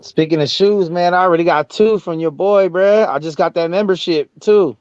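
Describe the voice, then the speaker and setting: A man's voice: high-pitched, normal speed, darkish tone, clear, resonant tone, no room sound. A man co-hosting a casual boxing talk show, in laid-back slangy banter. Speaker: podcast co-host. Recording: dry, dull lo-fi sound.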